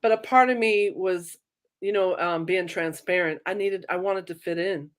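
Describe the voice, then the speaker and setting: Woman, middle-aged, faded Irish accent, low pitch, lively storyteller, interview guest. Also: normal speed. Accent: Irish, softened by decades in the American South. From Ireland. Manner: animated storyteller, acts out quoted voices. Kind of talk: casual interview chat.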